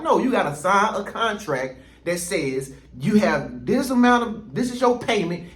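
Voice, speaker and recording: Rambling, high-voiced man in an echoey room. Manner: rambling, conversational, lots of restarts and quoted asides. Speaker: vlogger. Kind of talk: casual monologue to camera.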